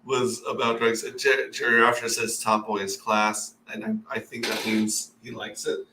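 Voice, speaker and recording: A man's voice: on the low side, level tone, normal speed, bright, forceful tone, a little hiss or hum. Chatty male host in an echoey room. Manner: chatty, rambling, reads viewer comments aloud. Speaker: livestream host. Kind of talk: casual livestream chat. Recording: echoey room, mic at a distance.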